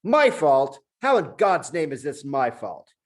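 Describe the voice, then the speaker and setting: A man voicing a hot-tempered, foul-mouthed talking monkey in a book reading, shouting in a high, strained voice. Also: very animated, measured pace. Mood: indignant.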